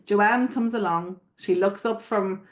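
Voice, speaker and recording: An unhurried woman with a mid-range voice gives florists a spoken lesson on selling. She talks conversationally, regularly asking whether listeners are following and going back over her points.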